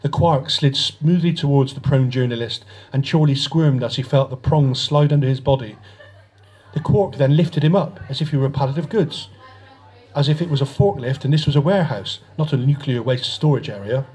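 Husky male audiobook reader. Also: mid-range voice, moderate pace. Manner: steady reading with occasional slips. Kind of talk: audiobook narration.

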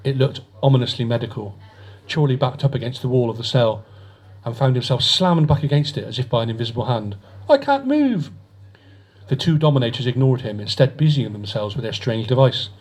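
A man reading a science fiction story aloud at a fiction reading event, in a measured, steady manner. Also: mid-range voice, slightly rough. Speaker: story reader.

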